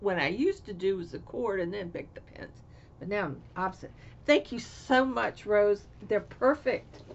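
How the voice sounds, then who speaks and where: A woman's voice: medium pitch, vocal fry, lo-fi sound, a little hiss or hum. Gushing, chatty woman crafter. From Florida. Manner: gushing, chatty, trails off with fillers. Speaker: craft vlogger. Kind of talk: casual show-and-tell chat.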